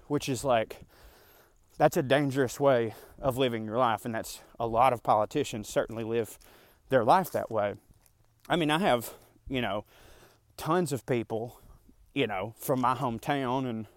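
Male podcast host, mid-jog and a bit winded, rambling rant, mid-pitched voice, dry close sound. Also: no echo. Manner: rambling, conversational, frequent fillers and asides. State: slightly out of breath from running. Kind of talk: casual ranting monologue. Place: outdoors in a park, jogging.

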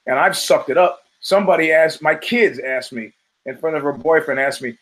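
On a low-quality recording, a middle-aged podcast host with a slightly high, somewhat bright voice talks at normal speed. His casual monologue rambles through profane stories, restarting often.

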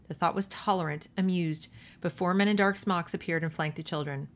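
A woman's voice: lowish voice, steady tone, a little fast. Woman reading and commenting, pointed and emphatic. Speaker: podcast host.

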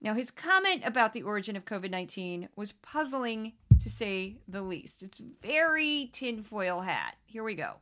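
A St. Louis woman with a Southern-Midwestern accent hosts a podcast, giving chatty, candid takes on news clips with frequent laughter and self-aware asides. Her medium-pitched voice is sing-song, pushed and bright, running at normal speed with few pauses over slight background noise.

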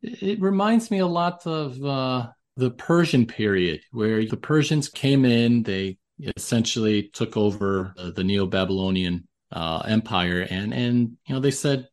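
A man's voice: mid-range voice, expressive, a little slow, few pauses. A man hosting an interview, talking casually and rambling with frequent restarts. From raised in a Greek household. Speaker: podcast host.

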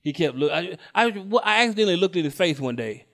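A man's voice: on the high side, animated, fast talker. A man performing live stand-up comedy, telling a long story with punchlines. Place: comedy stage at a live show.

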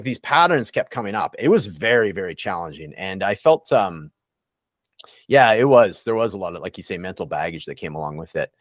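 A man's voice: deep voice, animated, a little fast, no room sound, studio quality. A man talking candidly and reflectively in a casual podcast interview, with many fillers and restarts. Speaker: recovery coach guest.

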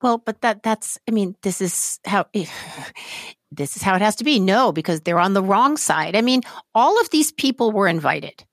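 A woman's voice: mid-range voice, animated, normal speed, no room sound. A woman co-hosting a podcast in casual chat, earnest and easily moved, rambling through her thoughts. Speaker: podcast co-host.

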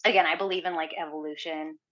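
Chatty bright-voiced woman, lo-fi sound. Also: low voice, fast talker. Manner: chatty, heavy use of "like", animated retelling. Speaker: podcast guest. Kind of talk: casual conversational storytelling. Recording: dull lo-fi audio.

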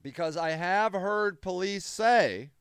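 A man hosts his own podcast and reads news items aloud, breaking off into heated, foul-mouthed tirades. His voice sits a little high and comes across smooth and clear. The sound is dry and close, with no room echo. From Akron, Ohio. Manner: profane, heated and ranting; quick flashes of anger, loud outbursts. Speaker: podcast host. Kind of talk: reading news articles aloud and ranting about them.

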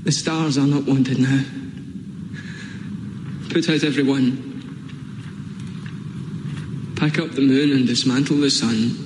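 A man playing a grieving young man reading a poem at his partner's funeral in a film. He speaks slowly and solemnly. The sound is roomy, with clear traffic noise behind. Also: mid-range voice, fairly even intonation, lightly acted. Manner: slow, solemn recitation of a poem. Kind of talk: film drama acting.

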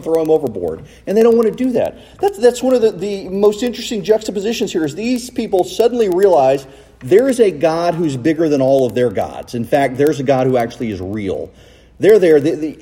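A man preaching a sermon in a church, recorded on a cell phone, with animated delivery and rhetorical questions. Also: medium pitch, husky, big-room sound. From United States. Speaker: pastor. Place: church sanctuary.

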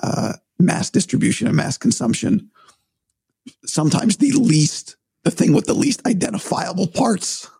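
A man talking in a casual, thoughtful, rambling way, with a gravelly, husky voice. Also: sits high, big pitch swings, a little slow, mellow, no echo. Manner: thoughtful, rambling, restarts often. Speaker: broadcaster, podcast guest. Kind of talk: casual conversation.

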